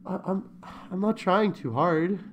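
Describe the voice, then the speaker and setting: This host has a high-pitched, unhurried voice as he runs a relaxed online interview on a remote call. He's playful, cracking jokes and bursting into song and laughter. The sound is lo-fi with some faint hiss or hum.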